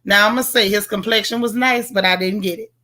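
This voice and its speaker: In this clip a woman speaks at a medium pitch with a steady, sharp tone and a slightly quick pace. She's running a casual livestream, reviewing a TV show with sassy, playful flair while addressing her viewers directly and reading their comments.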